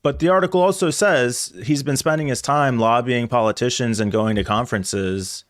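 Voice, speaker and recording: A man's voice: medium pitch, normal speed, no room sound. A man co-hosting a casual tech podcast, walking through news stories with dry, teasing banter. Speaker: podcast co-host. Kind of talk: casual chat.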